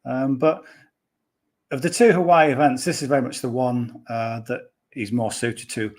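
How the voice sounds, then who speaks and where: A man's voice: mid-range voice, steady tone, normal speed, darkish tone. Chatty man talking golf betting. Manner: chatty, rambling with fillers and restarts. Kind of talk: casual podcast chat.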